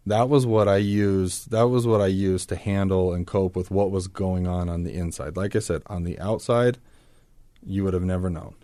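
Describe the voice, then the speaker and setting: Guy on a podcast opening up about his past, earnest, low voice, dry sound. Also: fairly even intonation, normal speed, warm tone, no echo. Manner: earnest, reflective. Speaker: podcast guest. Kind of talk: candid personal storytelling.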